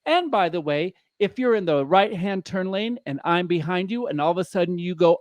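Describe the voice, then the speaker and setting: A man's voice: high-pitched, expressive, moderate pace, hardly any pauses, dry recording, highs cut off. A man guesting on a casual podcast, griping in an exasperated, profane way.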